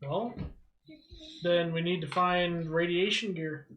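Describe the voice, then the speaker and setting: A man's voice: high voice, slow, a bit bright. A man playing in a tabletop role-play game, giving brief, plain replies in character. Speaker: player.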